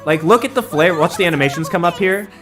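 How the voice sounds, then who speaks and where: Excitable young man, slightly high voice. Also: fast talker, over music. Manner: excitable, rambling, laughs at himself. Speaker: streamer. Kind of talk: casual game analysis stream.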